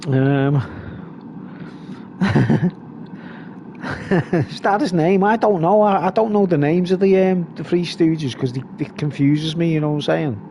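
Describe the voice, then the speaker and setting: A man's voice: a little high, slow pace, pauses often, mellow, a little hiss or hum. A man hosting a live stream, rambling casually and reading comments aloud.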